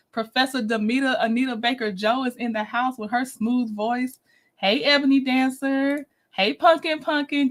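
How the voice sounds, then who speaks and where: A woman's voice: high voice, fairly bright tone. A woman hosting a casual livestream, chatty and giggly, greeting viewers one by one. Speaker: livestream host.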